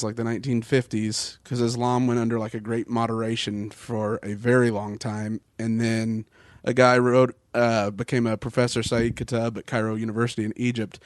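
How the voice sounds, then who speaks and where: A man's voice: mid-range voice, no room sound. Man explaining at length, dry sound. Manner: explains facts at length with fillers. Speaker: podcast co-host. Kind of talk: casual political chat.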